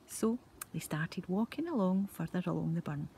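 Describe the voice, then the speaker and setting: An older Scottish grandmother spins a story for little ones at home, gentle and lively, pausing to pull the children in. Her voice sits fairly low, with a faint hiss of background noise. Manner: gentle, animated, drawing children in. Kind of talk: telling a bedtime story to children.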